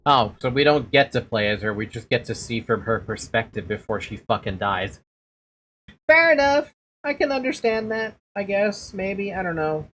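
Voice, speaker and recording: A young woman streaming a game, offering sarcastic, profane commentary between lines. Her voice is low but very animated, jumping up and down. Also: normal speed, slight background noise. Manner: sarcastic, swears freely.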